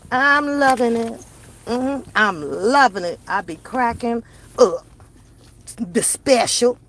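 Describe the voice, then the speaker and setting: A woman's voice: mid-range voice, a bit bright, slight background noise. A woman streamer, ranting to her viewers in brash, mocking, profane commentary. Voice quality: brash, sassy, swearing heavily. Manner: confrontational, mocking, laughs between jabs.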